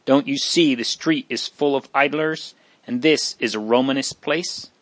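A man reading the part of a young man who protects his sister, speaking gravely in a hushed voice. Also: mid-range voice, a little slow, no room sound, lightly acted.

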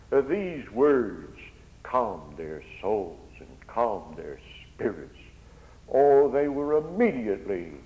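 A man's voice: on the low side, warm tone. A man preaching a sermon, impassioned, his voice swelling and dropping. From Netherlands. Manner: impassioned, swells and drops in volume. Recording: dull lo-fi recording.

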